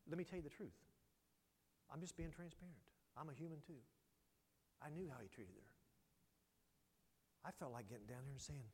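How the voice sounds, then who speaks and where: A male pastor preaching a sermon, telling a story with passion and dropping from loud to hushed. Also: fairly high pitch, normal speed, pauses often, breathy edge. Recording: long hall reverb.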